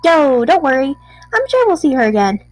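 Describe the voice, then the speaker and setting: An eager, gushing young monster kid from a video game, voiced by a woman. The voice sits high and bounces around, with a dry, close sound. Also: sing-song, moderate pace, dry recording, soft background music, rough recording. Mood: reassuring.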